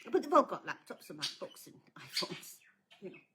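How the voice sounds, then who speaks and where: A woman's voice: fairly low pitch, sing-song, normal speed, noisy background. A woman speaking bluntly and earnestly to viewers as a scam awareness advocate, pleading with them to think. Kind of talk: casual warning talk to viewers.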